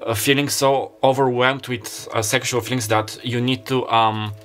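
A man doing a casual tarot card reading to camera. He talks in a halting way, with many fillers and self-corrections. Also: mid-range voice, flat delivery, a bit bright, faint music behind. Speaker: tarot reader. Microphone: camera mic.

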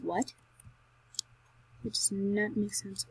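Woman gamer narrating her own play; dry close sound, high-ish voice, bursts into excited squeals. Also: unhurried, husky, no echo, rough recording. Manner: excitable, with sudden loud high outbursts; chatty, talks to herself and to the animals in the game. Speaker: Minecraft let's player. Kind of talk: gameplay commentary.

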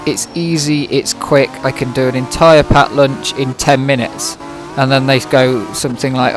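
A British man rambles casually into a close microphone while he streams a game. His delivery is dry and always sounds sarcastic, swearing comes easily, and his voice sits at an ordinary middle pitch. Music plays clearly behind him. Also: lively intonation, normal speed, few pauses. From Britain. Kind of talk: casual livestream chat. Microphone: microphone close in front of the mouth. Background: music playing.

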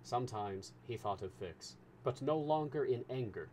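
A man reading a classic novel aloud as a storyteller, with measured, expressive narration. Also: mid-range voice, slight background noise.

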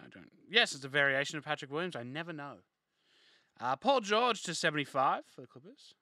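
A man's voice: on the high side, bright, forceful tone, no echo, studio quality. A young man hosting a live card break, reading off player names and chatting casually with viewers.

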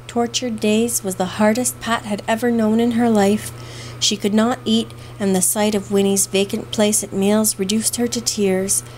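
A woman narrating a classic novel aloud in a measured, expressive reading. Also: medium pitch, slight background noise, poor audio. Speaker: audiobook narrator. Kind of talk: scripted narration.

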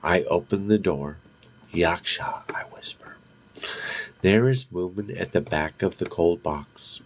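A man reading a novel aloud as narrator, in a measured, steady way with occasional slips. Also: sits low. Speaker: audiobook narrator.

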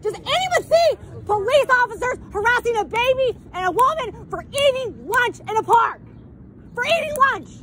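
Woman, very high voice, angry shouting, sore throat, outdoors in a park, phone recording. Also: big pitch swings, moderate pace, a little hiss or hum. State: voice getting sore from yelling. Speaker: mother filming a police encounter. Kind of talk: heated confrontation.

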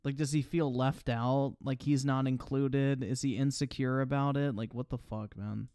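A male streamer riffs over clips in a mocking, sarcastic tone, cursing casually as he reads donations. His voice is smooth and resonant, recorded close and dry with no room sound. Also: medium pitch, steady tone, moderate pace, warm tone, no echo. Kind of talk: casual livestream commentary.

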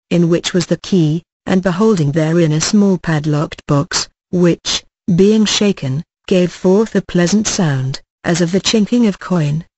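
An audiobook narrator reading a classic novel with measured, even storytelling. The voice sits at a middling pitch and is recorded close and dry, with no room sound. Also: no room sound, low-quality recording.

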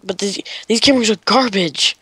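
Panicky voice on gaming chat. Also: female voice, mid-range voice, a little fast, bright, forceful tone, slightly rough, rough recording. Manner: panicky, repeats exclamations. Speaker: gaming co-player.

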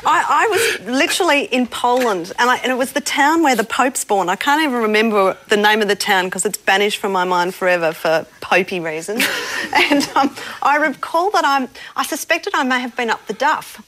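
A woman's voice: on the high side, expressive, normal speed, a bit bright. A woman on a comedy panel telling a self-mocking travel anecdote in a chatty way. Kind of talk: comic anecdote on a panel show.

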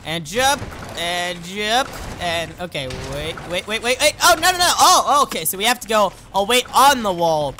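A man's voice: sits high, moderate pace, noisy background. A young man giving casual let's play commentary, talking himself through tricky jumps and yelping at every failure. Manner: excitable, yelps and shouts at fails; self-talking, rambling asides.

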